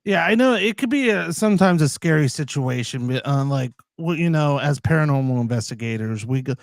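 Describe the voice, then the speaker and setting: A man's voice: a little high, animated, brisk, no echo. A man hosting a casual live chat show, rambling and self-described as caffeinated and all over the place. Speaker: livestream host.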